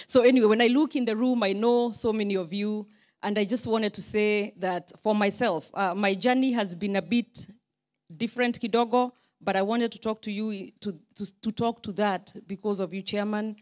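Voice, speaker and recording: A woman's voice: mid-range voice, fairly even intonation, normal speed, darkish tone. Chatty Kenyan woman giving a speech. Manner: chatty, self-deprecating, mixes in Swahili asides. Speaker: politician addressing a diaspora meeting. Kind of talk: informal speech to a crowd.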